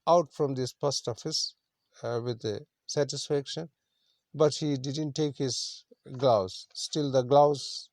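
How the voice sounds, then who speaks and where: A man's voice: mid-range voice, a little mellow, no room sound. A man teaching an English story lesson, explaining words simply and repeating himself with many fillers. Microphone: screen recording.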